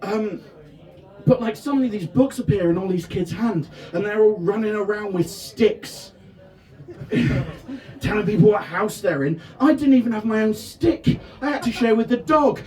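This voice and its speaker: High-voiced man doing stand-up in a tent. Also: normal speed, recorded from a distance. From England (Devon). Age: 30s. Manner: self-deprecating, bursts into shouted punchlines. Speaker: stand-up comedian. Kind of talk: stand-up comedy set. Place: festival tent with a live audience.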